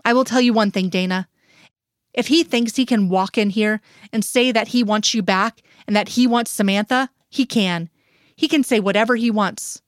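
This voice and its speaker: A woman's voice: mid-range voice, moderate pace, no echo, natural voice. A hurt husband speaks in cold, accusing lines, his anger held tight, voiced by a woman reading the story. The voice sits in a middle register. It is recorded dry and close. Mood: bitter. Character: stern hurt husband, a man. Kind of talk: audiobook reading.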